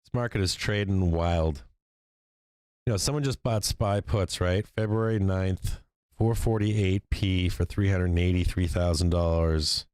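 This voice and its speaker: Low clear guy riffing on the market live, swears a lot, keeps cracking up, dry close sound. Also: measured pace, no room sound. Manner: profane, excitable, laughs often. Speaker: stock market livestream host. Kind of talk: live trading commentary.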